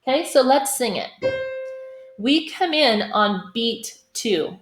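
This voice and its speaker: A woman choir teacher leads a singing lesson in an echoey room, soft music playing behind her. Her fairly high voice moves slowly with lively intonation as she explains vocal technique, demonstrates sung phrases, and often checks in with "okay?".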